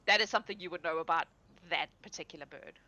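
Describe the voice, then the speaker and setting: Woman game master, bright lowish voice, loose chatty narration with laughs. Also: dry recording, rough recording. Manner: casual, laughing, quick asides.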